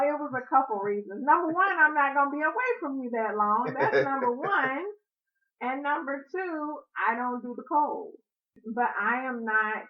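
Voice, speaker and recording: A woman co-hosting a casual chat with her husband, blunt and emphatic in her opinions. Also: fairly high pitch. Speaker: podcast co-host. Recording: tinny phone-like audio.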